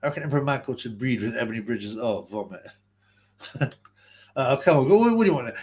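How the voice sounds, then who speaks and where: A man's voice: medium pitch, lively intonation, fairly quick, darkish tone. A man hosting a live boxing chat stream, ranting in a mocking, abrasive, rambling way. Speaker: boxing livestream host.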